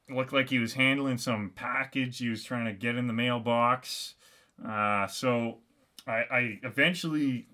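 Slow, bright-voiced male podcast host. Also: medium pitch. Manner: deadpan, halting, lots of restarts. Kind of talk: solo comedic storytelling.

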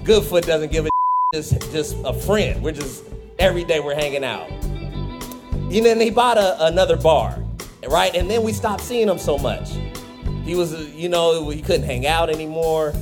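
A male comedian telling a funny personal story, animated and laughing at himself. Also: fairly high pitch, normal speed. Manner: animated, laughing, self-mocking. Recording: music bed under the voice.

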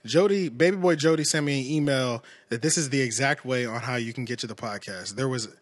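A man's voice: medium pitch, brisk, dry recording. A man hosting a podcast in casual, emphatic chat, often asking if you know what he's saying. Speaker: podcast host.

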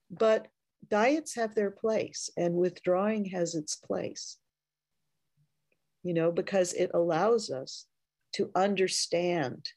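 Slow, gravelly-voiced woman giving a dharma talk. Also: fairly low pitch, a little mellow, no room sound. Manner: slow, reflective, with frequent pauses. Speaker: Zen teacher.

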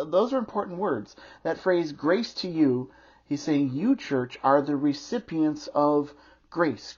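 Pastor, male, husky, mid-pitched, preaching earnestly on a slightly dull recording. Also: darkish tone. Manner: earnest, emphatic preaching with teaching asides. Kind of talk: sermon.

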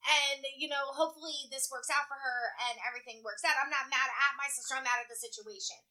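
Young woman, casual chat, blunt and profane; high and very bright. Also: fast. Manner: blunt, profane, animated storytelling.

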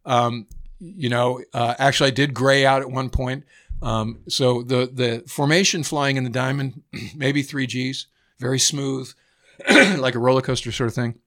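A man in his fifties, a former naval aviator, tells stories on a podcast in an easy, rambling way, scattering fillers and casual swearing. His voice sits at an ordinary middle pitch, and the recording is plain and close. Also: unhurried. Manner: relaxed and anecdotal, swears casually, many fillers. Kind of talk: casual storytelling chat.

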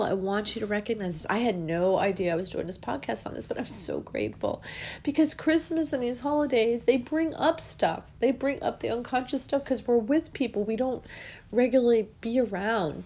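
Tearful woman guiding soft affirmations. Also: on the high side, a little hiss or hum. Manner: soft repetitive affirmations, drifting into whispers. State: tearful, crying with a running nose. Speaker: podcast host. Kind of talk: guided emotional release session.

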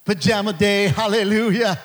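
A man's voice: high voice, moderate pace. A man preaching a fervent sermon to a church, peppering it with calls of amen and stumbling restarts. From Mexico. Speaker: pastor.

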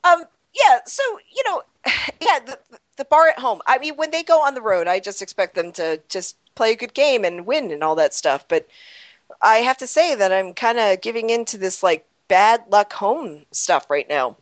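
A woman's voice: fairly high pitch, big pitch swings, normal speed, dry recording. A woman hosting a casual sports podcast, giggly and rambling, often laughing at herself. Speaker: podcast host.

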